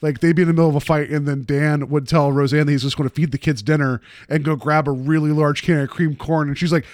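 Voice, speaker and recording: A man in his late thirties in easygoing podcast talk, telling stories in a wry, self-mocking way. His voice sits a little higher than most men's. The sound is dry and close, with no room echo. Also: steady tone, quick pace, darkish tone. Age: 30s. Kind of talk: casual chat.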